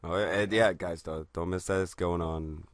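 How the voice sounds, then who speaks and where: A man's voice: low-pitched, fairly even intonation, moderate pace, dry recording. A man co-hosting a live stream, cracking blunt, crude jokes. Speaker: stream co-host. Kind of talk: casual live-stream chat.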